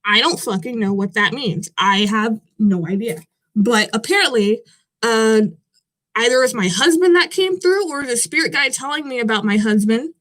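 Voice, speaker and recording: Young woman with a high voice, rambling vlogger who swears freely and stays half skeptical. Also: expressive, normal speed, a bit bright. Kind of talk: casual chat.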